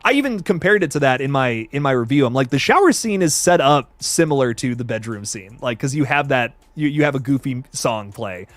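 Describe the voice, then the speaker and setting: Excitable young man chatting on a livestream. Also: medium pitch, a little fast, few pauses, no echo. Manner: excitable, profane, reads chat comments aloud. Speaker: horror movie reviewer on livestream. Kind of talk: casual livestream chat.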